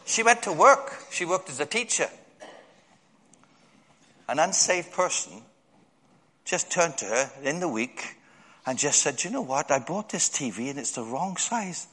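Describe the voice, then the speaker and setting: A man preaching a sermon in a church hall, telling stories and jumping up high to act out other people's voices. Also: very animated, a little slow, long pauses, bright, forceful tone. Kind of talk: storytelling sermon. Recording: long hall reverb.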